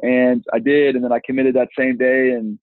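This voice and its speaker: A man, a football coach telling an animated story from his playing days in an interview, voicing the people in it as he goes. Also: mid-range voice, moderate pace, no room sound. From Texas. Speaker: football coach, former college lineman. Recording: tinny phone-like line, dry.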